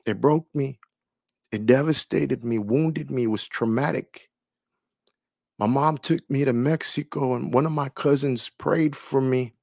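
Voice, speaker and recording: A man's voice: medium pitch, a little slow, vocal fry, darkish tone, no echo, studio quality. A man sharing a personal faith testimony in an earnest, emotional way, repeating phrases for emphasis. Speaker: testimony speaker.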